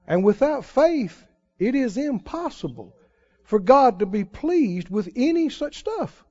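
A man preaching a sermon in an animated style, mimicking wailing prayers to make his point. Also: very high-pitched, slow pace. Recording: muffled lo-fi sermon recording.

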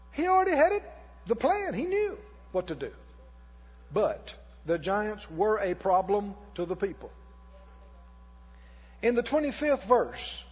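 A man preaching a sermon, emphatic and booming as he questions the congregation. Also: darkish tone, breathy edge. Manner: emphatic, rising and booming, asking the crowd questions. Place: church hall. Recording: echoey hall, dull lo-fi sound.

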